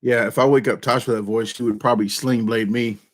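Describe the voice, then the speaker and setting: A man chats loosely to his viewers in a middle-pitched, everyday voice, rambling and restarting his sentences. He pokes fun at himself as he goes and speaks into a desk microphone. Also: fairly even intonation, fast. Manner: rambling, self-deprecating, with frequent restarts. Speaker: YouTube channel host. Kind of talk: casual rambling chat.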